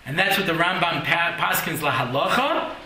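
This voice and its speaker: A man's voice: a little high, normal speed, pushed and bright, echoey room, slight background noise, low-quality recording. A man teaching a Torah class, telling stories with jokes and acted-out voices and often checking in with "yeah?".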